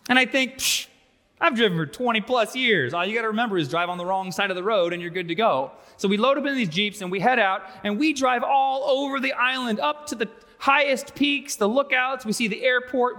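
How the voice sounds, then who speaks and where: A man in his thirties preaching a sermon, telling stories with humor and animated emphasis. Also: high voice, big-room sound. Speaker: pastor. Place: large church sanctuary.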